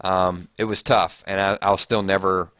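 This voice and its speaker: A man's voice: deep voice, level tone, a little slow, bright, forceful tone, no room sound, clean studio sound. A man hosting a live stream, chatting casually and reading viewer comments aloud with frequent restarts.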